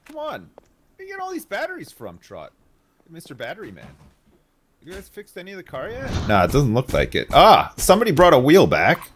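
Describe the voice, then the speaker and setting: A man's voice: a little high, wildly swooping pitch, brisk. A man hosting a gaming session, teasing and swearing as he chats with friends. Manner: teasing, sweary, sing-song taunts. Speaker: gaming channel host. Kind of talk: casual gaming chat with friends.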